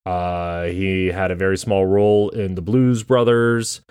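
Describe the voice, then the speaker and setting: A man's voice: low voice, flat delivery, unhurried, darkish tone, smooth, no room sound, studio quality. A man co-hosting a podcast, casual and playful, teasing and sounding words out. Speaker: podcast co-host. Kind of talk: casual chat.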